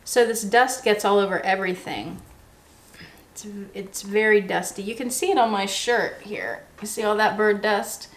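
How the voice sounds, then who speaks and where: A woman chats casually to the camera in a relaxed vlog style. Her voice sits in an ordinary middle pitch. She explains patiently with everyday examples and drops in plenty of ums. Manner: chatty and relaxed, with frequent ums and restarts. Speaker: vlogger.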